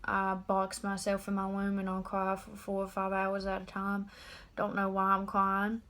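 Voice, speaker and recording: An eighteen-year-old woman talking straight to camera in a personal confessional vlog, subdued and halting. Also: medium pitch, monotone, fairly bright tone. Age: about 18. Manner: subdued, halting and openly emotional. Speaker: vlogger.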